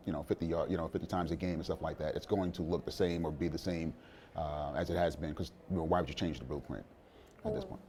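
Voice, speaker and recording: A middle-aged man, the father of a young player, talking in a relaxed sit-down interview with many fillers and restarts. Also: sits low, a little hiss or hum. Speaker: interview guest, father of a college quarterback.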